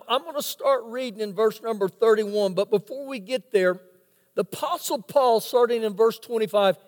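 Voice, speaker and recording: A male pastor preaching a sermon, telling a story dramatically and asking rhetorical questions. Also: very high-pitched. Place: church sanctuary. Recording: long reverb of a church hall.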